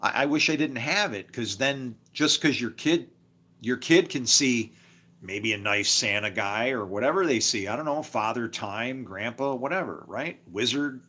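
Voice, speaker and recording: A man's voice: mid-range voice, normal speed, sharp tone. A man talking casually on a live stream, rambling from story to story and chuckling often, with preachy asides. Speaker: livestreamer.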